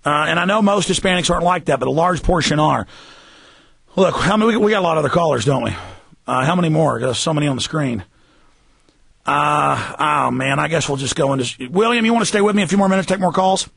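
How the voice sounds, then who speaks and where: A male radio host rants emphatically, his voice pitched high with a husky, gravelly grain. He is heard dry and close on the mic, and he pushes hard into his points, sometimes rising to a shout. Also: fast, no echo. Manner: emphatic, ranting, raises voice to a shout. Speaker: radio talk show host. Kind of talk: heated talk radio rant.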